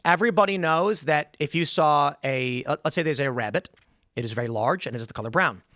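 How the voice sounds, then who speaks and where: A man's voice: on the high side, lively intonation, brisk, pushed and bright, no room sound, studio quality. A man hosting a casual panel chat, explaining ideas at length and musing aloud. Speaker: podcast host.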